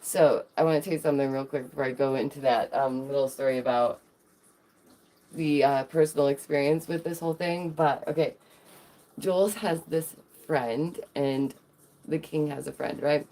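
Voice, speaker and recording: Chatty low-voiced woman streamer. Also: fairly even intonation, moderate pace, mellow. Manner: chatty, rambling, many fillers and restarts. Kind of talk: casual live-stream chat.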